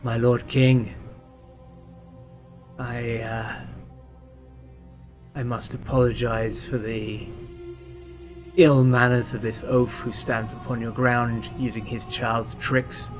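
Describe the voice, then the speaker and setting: A man's voice: mid-range voice, flat delivery, slow, long pauses, soft background music, natural voice. A man voicing a tall warrior noble who speaks with formal, mocking courtesy. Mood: scornful. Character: tall, bold male warrior noble, scornful.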